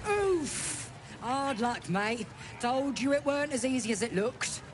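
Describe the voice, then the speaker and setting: A woman voicing a brash goblin who runs a chicken-chase game, gruff, bossy and taunting. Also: high-pitched, lively intonation, unhurried, noisy background. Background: game music.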